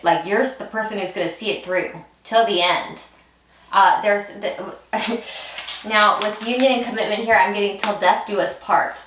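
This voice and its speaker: A woman talks through a pick-a-card tarot reading in a loose, intuitive flow, often breaking off and starting her thought again. Her voice sits at an ordinary middle pitch for a woman. The room rings around her, and she sounds set back from the microphone. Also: a bit bright, reverberant, recorded from a distance. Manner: rambling, intuitive, many restarts. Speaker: tarot reader.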